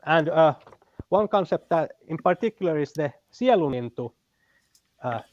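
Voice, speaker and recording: A man with a Finnish accent talking as a guest in casual chat, pausing often with fillers and restarts. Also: a little high, lively intonation, darkish tone, dull audio. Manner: halting, many fillers and restarts.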